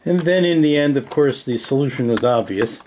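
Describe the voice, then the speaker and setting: A man's voice: medium pitch, animated, moderate pace, darkish tone, a little hiss or hum. Guy chatting about his model painting, kinda rambly, lots of uh and restarts, ordinary middle voice. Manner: rambling, hesitant, restarts often. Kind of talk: casual hobby workshop update.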